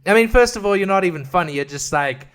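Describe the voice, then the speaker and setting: A man's voice: sits high, expressive, fast, a bit bright. A man hosting a podcast, ranting in a rambling, crude, comedic way and laughing at his own jokes. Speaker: podcast host. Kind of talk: casual comedic rant.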